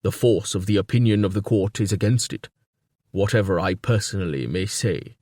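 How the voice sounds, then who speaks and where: A man reading a stout, wheezing older king who speaks in a measured, formal way in an audiobook. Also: lowish voice, a little mellow, no echo, studio quality, natural voice. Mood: cool, formal. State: out of breath. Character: corpulent wheezing older male king, cool and evasive.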